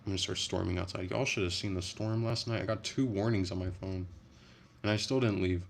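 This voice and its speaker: A man with a deep, gravelly voice chats with his viewers in a loose, rambling way. He swears freely and restarts his sentences often. A faint noise sits under the voice. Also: steady tone, a little fast. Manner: rambling, profane, frequent restarts. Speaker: livestreamer chatting with viewers. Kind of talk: casual livestream chat.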